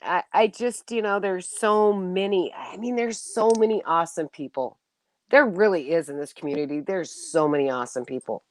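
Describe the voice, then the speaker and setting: A woman's voice: fairly low pitch, normal speed. A middle-aged woman hosting a casual livestream chat, emotional and laughing often as she talks to viewers. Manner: warm, emotional, laughs often, restarts sentences. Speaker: livestream host.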